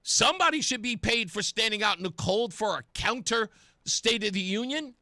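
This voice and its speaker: A man's voice: sits high, expressive, moderate pace, sharp tone, no echo, clean studio sound. A man hosting talk radio, giving sarcastic, indignant political commentary.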